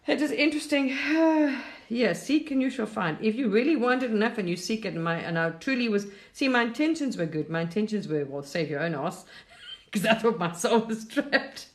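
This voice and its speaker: A woman's voice: a little high, expressive, brisk, echoey room. A middle-aged woman from England, chatting casually and reflectively on a live stream, rambling and laughing often.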